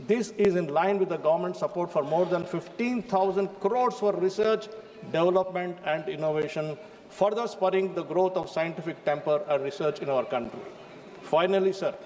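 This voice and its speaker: A man's voice: sits high, a little mellow, a little hiss or hum. A man with an Indian English accent giving a formal, emphatic speech in parliament, addressing the chair. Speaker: member of parliament. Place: large parliament chamber. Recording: reverberant chamber, faint ambience.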